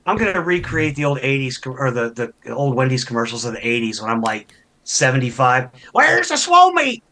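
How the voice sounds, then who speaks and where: A man's voice: medium pitch, brisk, fairly bright tone. A man co-hosting a livestream, chatting casually and correcting himself mid-sentence. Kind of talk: casual comedic chat.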